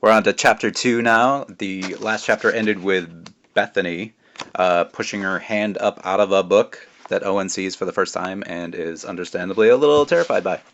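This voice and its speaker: A man, the author, reading his children's book aloud in a friendly, relaxed way, adding asides. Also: low voice, moderate pace, lo-fi sound. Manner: friendly, relaxed, comments between passages.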